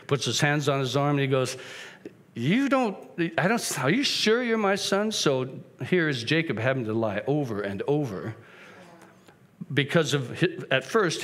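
A man's voice: medium pitch, a bit bright. A man giving a sermon as a guest preacher, retelling the story casually and acting out the characters' voices.

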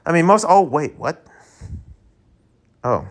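A man's voice: fairly high pitch, very animated, slow. A man reading a webcomic aloud, reacting in a casual, chatty way. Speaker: webcomic reader.

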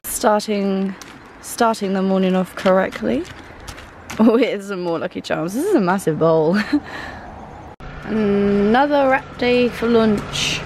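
A woman's voice: mid-range voice, slow, darkish tone. A woman in her twenties, from Britain, chatting casually into a handheld camera as a travel vlogger, bubbly and easily delighted. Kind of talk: casual vlog narration. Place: on the road, indoors and outdoors. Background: background noise and vehicle sounds.

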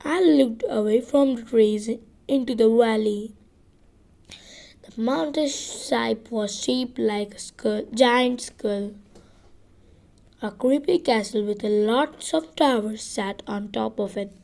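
A woman reading a children's chapter book aloud, slow and deliberate, sometimes correcting and rereading lines. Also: a little high, gravelly, darkish tone. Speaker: audiobook reader.

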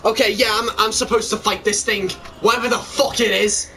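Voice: medium pitch, steady tone, fairly quick, pushed and bright, far from the mic, a little hiss or hum. A gamer giving let's-play commentary during a horror game, talking to themself and to viewers and swearing when startled.

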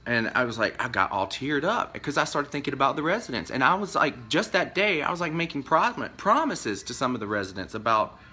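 A man telling a story to his camera in a casual rant, rambling and acting out both sides of a conversation, his pitch jumping up when he gets upset. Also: sing-song, fairly quick, few pauses, bright, forceful tone, husky, faint music behind. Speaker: vlogger telling of being fired.

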